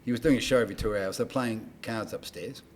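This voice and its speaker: Older Australian man telling animated stories. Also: on the low side, fast talker, noisy background. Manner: animated anecdote-teller, acts out dialogue in raised voice. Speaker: guest, entertainment promoter. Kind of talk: casual storytelling on a podcast.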